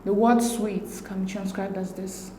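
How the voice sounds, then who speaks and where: A woman, working through exam questions as a tutor in a steady, methodical way. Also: mid-range voice, a little slow, slight background noise. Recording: echoey room.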